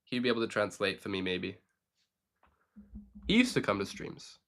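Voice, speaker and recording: A man's voice: lowish voice, very animated, normal speed, fairly bright tone. A young man chatting casually with his live-stream audience while playing chess, joking and answering questions.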